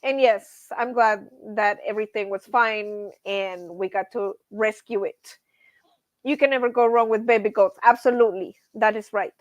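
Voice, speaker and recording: A woman's voice: medium pitch, steady tone, normal speed, no room sound, highs cut off. A middle-aged woman hosting a casual livestream, chatty, laughing often and greeting viewers from the chat. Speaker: livestream host.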